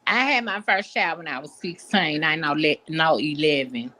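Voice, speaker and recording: A woman's voice: low voice, moderate pace, pushed and bright. A woman in her forties answering interview questions in an insistent, flustered way. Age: 40s. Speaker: interview guest.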